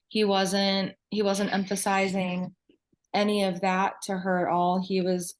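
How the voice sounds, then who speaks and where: A woman co-hosting a podcast, teaching the Bible at a steady, measured pace. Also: mid-range voice. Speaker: podcast co-host.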